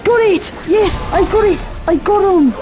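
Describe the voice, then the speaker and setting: A woman giving rambling, joking commentary while playing a video game, yelling at the game now and then. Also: very high voice, moderate pace. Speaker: gamer. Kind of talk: casual gaming commentary. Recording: game music playing behind. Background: game music.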